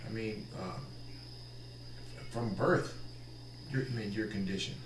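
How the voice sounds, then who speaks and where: Male podcast host, calm late-night-radio delivery, reflective and halting; distant roomy recording with background noise. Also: on the low side. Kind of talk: casual chat.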